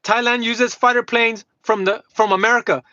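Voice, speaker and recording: A man with a very high, sharp-edged voice delivers a furious, profanity-laced rant, jabbing and mocking as he repeats his points. He sounds close to the mic in a dead, dry space. The stream audio is dull and somewhat lo-fi. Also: fairly even intonation, normal speed, no room sound. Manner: combative, mocking, swears constantly, repeats himself. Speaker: livestreamer. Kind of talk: heated profane rant to live chat.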